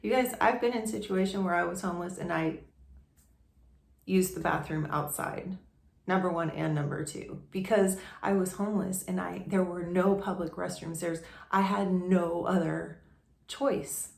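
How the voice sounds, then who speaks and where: Young woman vlogger, low gravelly voice, rambling casual storyteller, echoey room. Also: fairly even intonation, moderate pace, darkish tone. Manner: rambling, many restarts and fillers.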